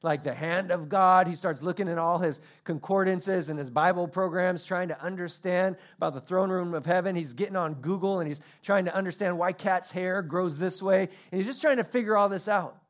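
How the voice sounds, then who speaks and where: Animated man preaching a sermon. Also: sits high, fairly quick, few pauses. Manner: storytelling, animated with acted quotes. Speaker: pastor.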